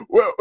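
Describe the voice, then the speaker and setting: A man hosting a podcast, reacting to posts in casual, excitable commentary, laughing often and repeating phrases. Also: no echo. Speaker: podcast host.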